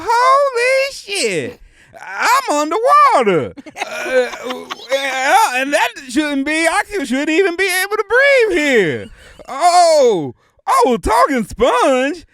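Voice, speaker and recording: A man voicing a cartoon female squirrel from down south, with a high, excited twang. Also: slight background noise, full character voice. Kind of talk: podcast impression game.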